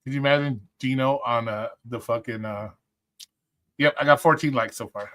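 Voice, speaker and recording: Male streamer, mid-pitched, rambling and profane, casual rant energy. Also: moderate pace, a bit bright. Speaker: livestream host. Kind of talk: casual livestream commentary.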